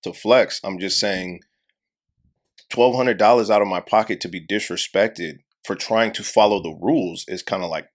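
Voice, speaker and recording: A man's voice: lowish voice, normal speed. A young adult man co-hosting a podcast, telling a story in casual chat and acting out the people he quotes. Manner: animated storyteller, acts out quotes, heavy profanity. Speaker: podcast co-host.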